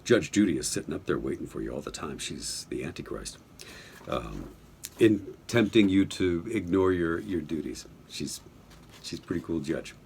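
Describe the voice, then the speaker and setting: A man's voice: deep voice, expressive, moderate pace, creaky, darkish tone, a little hiss or hum. A middle-aged man from New Mexico, an audiobook narrator, answering interview questions casually from his home studio, rambling and joking as he goes. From Albuquerque, New Mexico, US.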